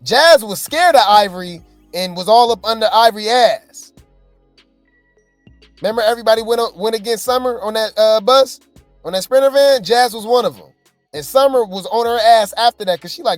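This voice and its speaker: Chatty opinionated reaction host, dry sound. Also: female voice, on the high side, fairly quick, no room sound, soft background music. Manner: chatty, opinionated, addresses viewers directly. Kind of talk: casual reaction commentary.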